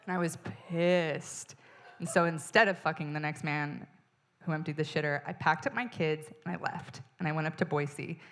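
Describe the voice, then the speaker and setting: A woman comedian telling a profane, exasperated story on stage, now and then bursting into loud yelling. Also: sits low, moderate pace. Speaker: stand-up comedian. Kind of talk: stand-up storytelling.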